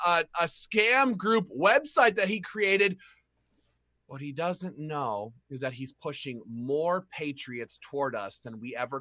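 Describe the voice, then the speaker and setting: A man who runs an advocacy group speaks on a panel with fiery conviction, dropping low and then building to loud declarations. His voice sits high and bright. The recording is close and dry. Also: no echo. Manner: fiery, rises to shouting. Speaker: gun rights group leader. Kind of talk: impassioned panel talk.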